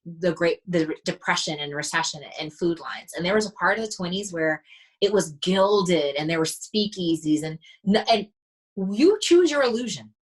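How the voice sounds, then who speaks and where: A mindset coach, a woman guesting on a podcast, speaks at a moderate pace in a lowish voice with a breathy edge. She relates stories with animation in casual conversation, voicing the dialogue she quotes. Audio quality is poor.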